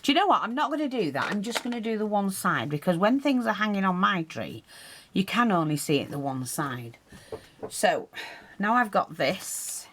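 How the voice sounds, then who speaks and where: A woman's voice: mid-range voice, big pitch swings, normal speed, a bit bright, slight background noise. A woman teaching a hands-on craft tutorial, chatting and explaining as she works, her breathing audible while she concentrates.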